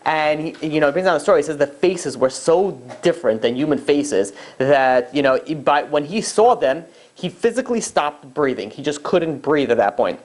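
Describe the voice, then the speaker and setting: A man, a rabbi, telling a story in a casual lecture, chatty and animated as he acts out the characters. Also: a little high, normal speed, few pauses. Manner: chatty, full of asides to listeners.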